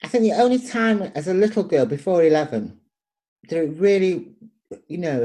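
Older Manchester poet telling stories in an interview, mellow and lively, acts out the people she quotes. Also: a bass voice. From Manchester, England. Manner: lively, acts out voices in her anecdotes. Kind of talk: personal storytelling in an interview.

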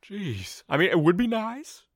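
A man voicing a big, wingless male dragon who is touchy and boastful, speaking loudly and proudly. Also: high voice, big pitch swings, a little slow, dry recording, clean studio sound, voice pushed up, exaggerated voice. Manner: loud and proud, a bit defensive.

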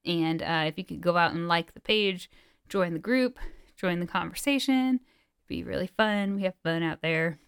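A rambling, breathless woman chats casually on a podcast. Her voice is low-pitched for a woman and very smooth. The sound is dry and close. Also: normal speed, no echo. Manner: rambling with many fillers. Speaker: podcast co-host.

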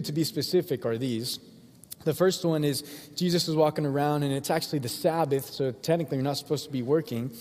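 A man's voice: a little high, a little mellow. Casual male pastor preaching in an echoing church. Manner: casual and conversational, acts out voices of the crowd. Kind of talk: sermon. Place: church sanctuary. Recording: long hall reverb.

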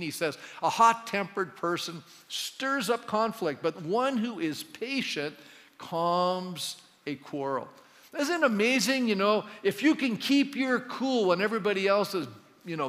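Male pastor, slightly high voice, chatty sermon delivery, echoing sanctuary. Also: a bit bright. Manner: conversational, asks the congregation questions. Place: church sanctuary. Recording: long church hall reverb.

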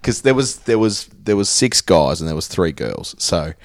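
A low-voiced man jokes at his own expense in casual podcast talk. His pitch moves widely through a relaxed delivery. The sound is dry and close. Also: moderate pace, dry recording. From Australia. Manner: self-deprecating, laid-back. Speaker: podcast co-host. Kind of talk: casual banter.

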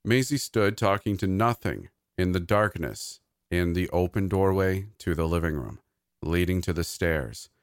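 A man narrating a scripted horror story in a measured, even storytelling delivery. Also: sits low, no echo, studio quality.

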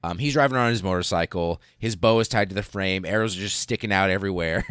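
A man with a very low voice tells a history story in a loose podcast style, swearing freely and tripping over his words. The recording is dry and close. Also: fast talker, smooth, no echo. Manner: excitable, profane, many fillers and restarts. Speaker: podcast host.

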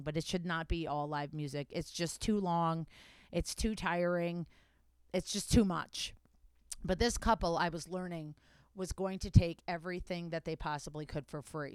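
A woman host tells a long story in a loose, candid way, swearing freely and stopping to correct the order of events. Her voice is smooth and clear. The recording is dry and close. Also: low voice, no echo. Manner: backtracks and corrects herself mid-story. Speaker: podcast host. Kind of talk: casual storytelling.

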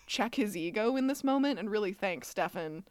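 A woman's voice: mid-range voice, lively intonation, normal speed, smooth, no room sound, studio quality. A woman co-hosting a casual podcast, giving opinions on a TV episode, quoting scenes in mock dialogue and laughing often. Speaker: podcast co-host. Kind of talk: casual chat recapping a TV episode. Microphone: remote call setup, each on own end.

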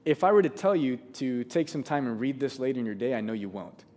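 A man's voice: medium pitch, animated, quick pace, darkish tone, soft background music. A man preaching a sermon, earnest and conversational, often restarting his sentences. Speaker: pastor.

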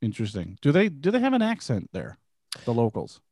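A man's voice: mid-range voice, huge pitch swings, brisk, darkish tone, no echo. A man hosting a podcast in casual chat, jokey and swearing as he interviews a guest. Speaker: podcast host.

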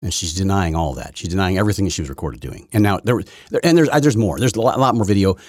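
A man's voice: low-pitched, animated, fast talker, darkish tone, no echo, studio quality. A middle-aged man hosting an opinion podcast, talking in a sarcastic, mocking way with many repeats and restarts. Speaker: podcast host. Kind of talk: opinion commentary monologue.

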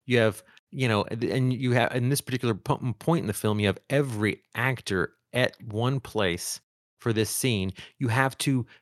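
A man co-hosting a podcast chats casually, animated and rambling with frequent restarts. His voice is mid-range at normal speed, captured in a dry, clean studio recording.

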